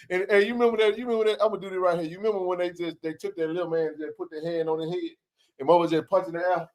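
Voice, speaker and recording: A man hosting a casual live sports chat, animated and preachy, swearing freely and climbing toward a shout. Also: high voice, quick pace. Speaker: show host.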